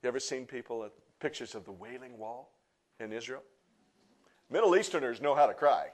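A middle-aged male pastor preaching to a congregation, swinging from soft, hushed teaching to loud, impassioned outbursts and joking with the crowd. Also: mid-range voice, lively intonation, a little fast. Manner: jokes and teases the congregation. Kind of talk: sermon. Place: church before a live congregation.

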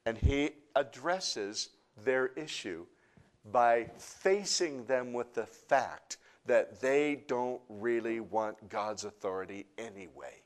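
A male pastor delivering a sermon. He works through rhetorical questions and builds to loud, emphatic peaks. Then he falls back to a quiet, confessional tone. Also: mid-range voice, takes it slowly.

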